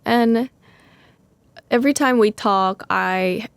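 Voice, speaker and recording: A young woman speaking as an interview guest, soft-spoken and halting, searching for her words. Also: a little high, vocal fry, no room sound. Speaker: musician guest. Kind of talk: casual interview chat.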